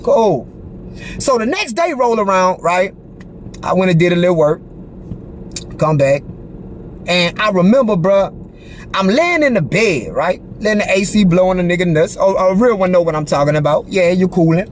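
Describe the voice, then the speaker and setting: A man's voice: high voice, moderate pace, long pauses, slight background noise. A man telling a personal story straight to the camera, talking in street slang with lots of swearing and constant check-ins with the listener. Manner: animated, profane street slang, repeats "you feel me". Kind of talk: casual storytelling monologue.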